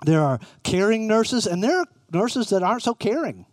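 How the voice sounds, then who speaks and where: A man's voice: sits high, very animated, moderate pace, hardly any pauses, no echo, studio quality. A middle-aged man preaching a conversational sermon, often putting questions to his listeners. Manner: conversational, asks the room questions.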